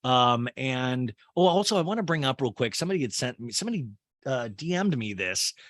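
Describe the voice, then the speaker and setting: A man's voice: mid-range voice, animated, fairly quick, fairly bright tone, no echo. Chatty, sarcastic male podcast host. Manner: chatty, sarcastic, rambling asides. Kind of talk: casual recap commentary.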